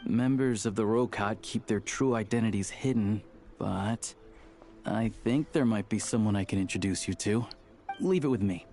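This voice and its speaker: A lowish, even male voice as an actor plays a composed contact who gets things arranged. He speaks calmly and in a measured way, in game dialogue. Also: faint music behind, close to an everyday voice. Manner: calm and measured. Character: calm, helpful adult male contact, composed.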